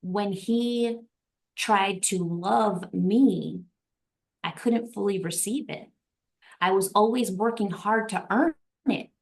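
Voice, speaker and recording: Gravelly-voiced earnest woman guest. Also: medium pitch, takes it slowly. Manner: earnest, reflective, repeats phrases for emphasis. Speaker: podcast guest. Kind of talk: heartfelt podcast conversation.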